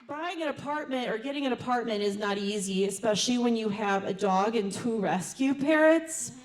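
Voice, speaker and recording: A middle-aged woman performing a stand-up comedy set in a fairly high voice. She talks in a chatty way with quick asides and often laughs at her own jokes. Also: expressive.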